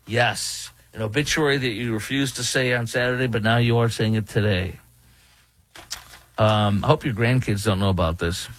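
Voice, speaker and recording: A man's voice: fairly low pitch, fairly even intonation, normal speed, low-quality recording. A middle-aged man doing an opinionated political commentary, indignantly mocking the quotes he reads aloud and rebutting them.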